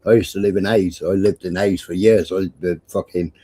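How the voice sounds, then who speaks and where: A man's voice: low voice, steady tone, normal speed, dark tone, slightly rough. A man hosting a livestream, telling rambling, profane stories and repeating himself often. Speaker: livestream host. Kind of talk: casual chat and storytelling.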